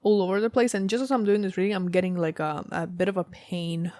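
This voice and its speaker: A woman's voice: lowish voice, steady tone, fast talker, darkish tone, no echo. A woman giving a casual tarot reading to camera, rambling and thinking aloud with many fillers. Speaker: tarot reader.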